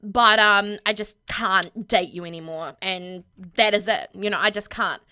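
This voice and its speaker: A woman voicing a young man breaking off a relationship, speaking firm, flat and apologetic, a little lower than her own voice. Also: a little slow, clean tone.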